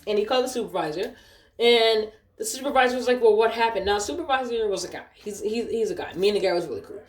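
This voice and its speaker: A woman vlogger telling a casual, animated storytime in a blunt, profane way. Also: medium pitch, fast talker. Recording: roomy echo.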